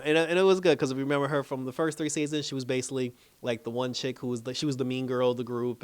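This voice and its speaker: A man casually recapping a drama episode. He swears freely, laughs often and acts out the characters' lines in playful voices. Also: mid-range voice. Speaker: TV show reviewer.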